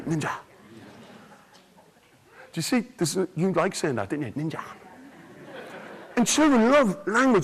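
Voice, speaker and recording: Irish man, storyteller, lively swooping pitch, theatrical, quizzes the audience, conference stage. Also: poor audio. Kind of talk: conference talk.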